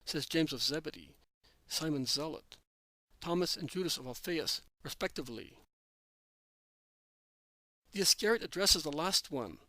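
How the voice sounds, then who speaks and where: Male narrator for a scripted religious story, measured and plain, slightly high voice, dry recording. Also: animated, sharp tone, no room sound.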